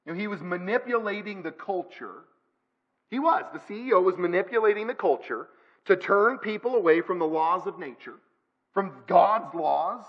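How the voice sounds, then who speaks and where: A man's voice: sits high, normal speed, lo-fi sound. A male pastor preaching a sermon in a church, emphatic, with repeated phrases. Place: church sanctuary.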